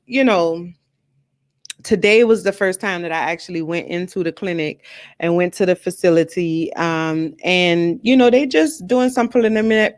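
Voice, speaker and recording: A woman's voice: lowish voice, dry recording, clean studio sound. Woman on a live stream just chatting w her viewers, candid and personal, lots of ums and repeating herself. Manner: emotional, personal storytelling. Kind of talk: casual chat to viewers.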